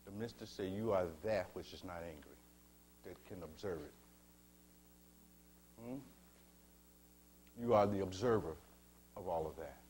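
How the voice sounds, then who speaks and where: Low-voiced man giving a slow spiritual teaching. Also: darkish tone, a little hiss or hum. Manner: slow, measured, with rhetorical questions to listeners; addresses listeners as beloved.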